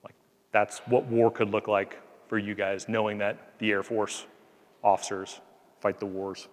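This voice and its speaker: A man's voice: on the low side, flat delivery, measured pace. A man, an Air Force colonel, giving an earnest, conversational talk to cadets, sharing a story from his time as a squadron commander. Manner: earnest, conversational, frequent "like" fillers. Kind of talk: motivational speech with anecdote. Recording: long hall reverb.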